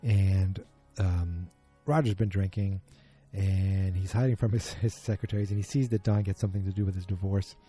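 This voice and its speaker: A man with a husky, very dark and mellow voice talks through a TV episode as a podcast host. He rambles casually, stops to correct himself and fills gaps with ums. Faint music sits behind him. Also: low-pitched, fairly even intonation, normal speed. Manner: rambling, filler-heavy, self-correcting. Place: at home beside a muted streaming screen.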